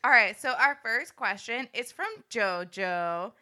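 Bright, giggly woman podcast host. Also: medium pitch, expressive, a little slow. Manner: giggly, leads the segments. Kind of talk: casual chat.

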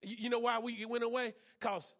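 A man preaching a sermon as pastor, repeating phrases and punctuating them with amens, swinging between hushed passages and loud ones. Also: extremely high pitch, level tone, fairly quick.

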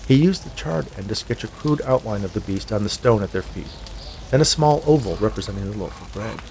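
A man reading a dark tale aloud in a measured, scripted storytelling manner. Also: on the low side, animated, gravelly, a little hiss or hum. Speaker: narrator. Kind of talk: scripted audiobook narration.

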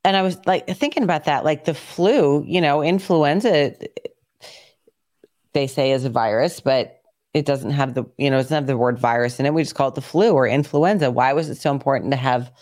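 A woman hosting a podcast, chatting casually and rambling in quick bursts. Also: low voice, darkish tone, dry recording, studio quality. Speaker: podcast host. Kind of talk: casual chat.

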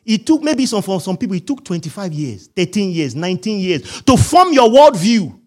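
High, animated preaching man. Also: moderate pace. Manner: animated, humorous preaching to a congregation. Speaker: pastor. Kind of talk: sermon.

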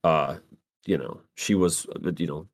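Laid-back man with a lowish voice. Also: unhurried. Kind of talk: casual movie discussion.

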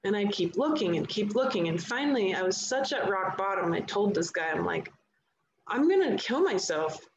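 A woman's voice: mid-range voice, expressive, brisk, dull audio. A woman speaking as a guest in a live conversation, telling her story in an earnest, emphatic way. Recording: echoey room, faint background noise.

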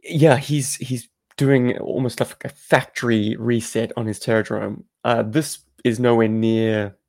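A man's voice: medium pitch, steady tone, measured pace, gravelly, darkish tone. A South African man co-hosting a podcast, chatting casually and explaining things at length. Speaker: podcast co-host.

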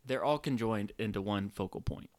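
A man's voice: fairly low pitch, normal speed, darkish tone, dry recording. A man co-hosting a casual movie chat, rambling and playful, with lots of fillers. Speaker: podcast co-host.

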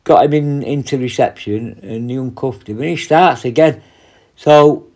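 In a darkish, mid-range voice, this man, a prison officer, casually shares blunt stories full of swearing. He performs his own retorts as he goes, in the style of casual anecdote storytelling.

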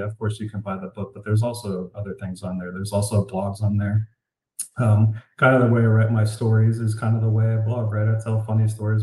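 A man being interviewed as an author, telling stories casually and animatedly, saying "like" a lot with a disbelieving tone. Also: lowish voice. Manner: animated, says "like" often, incredulous. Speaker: author guest. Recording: roomy echo.

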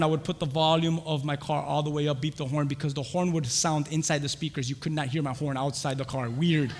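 A young man preaching a sermon, telling a lively personal story with laughter and acted-out voices. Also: on the high side. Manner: animated, laughing, acts out voices in his stories. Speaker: pastor. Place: church. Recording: church hall reverb.

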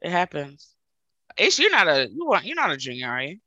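A woman's voice: low voice, brisk, no echo, lo-fi sound. A woman co-hosting a podcast, chatting casually and telling jokey family stories. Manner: animated, joking storyteller. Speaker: podcast co-host. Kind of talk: casual chat.

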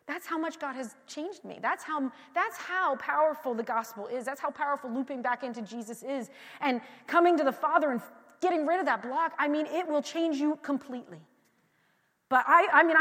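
This is a conversational sermon from a woman pastor whose voice is high and bright. Candid and loose, she tells personal stories and keeps restarting sentences, moving from quiet, near-whispered confiding to loud emphasis, with long echoing reverb like a large church hall.

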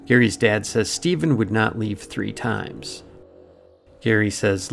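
A man's voice: lowish voice, a little slow, vocal fry, slight background noise. A man narrating a true mystery story as podcast host, dramatic and scripted. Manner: dramatic retelling with acted-out quotes.

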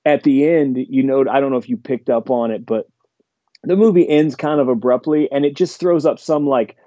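A man's voice: medium pitch, moderate pace, dark tone, no echo, highs cut off. A man in casual chat, rambling enthusiastically with lots of fillers. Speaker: podcast guest.

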